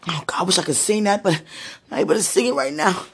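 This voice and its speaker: A woman with a hoarse, husky voice, worn from preaching and crying, talking casually to God in a prayerful monologue and calling out to him between sentences. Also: fairly low pitch, expressive, fast talker. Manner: talks to God aloud, breaks into moans and exclamations. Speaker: street preacher.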